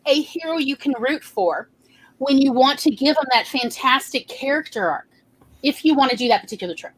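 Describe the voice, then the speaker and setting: A woman co-hosting a casual group chat, talking with chatty emphasis. Her voice sits high for a woman. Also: animated, a little fast, a bit bright. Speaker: co-host.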